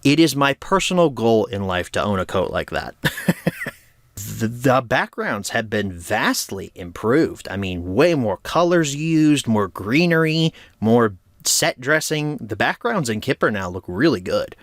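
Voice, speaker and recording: A laid-back man reviewing a cartoon in a casual, joking way, dropping slang as he goes. His pitch bounces around a lot, and the recording is dry and close with no room sound. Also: sing-song, unhurried, no room sound.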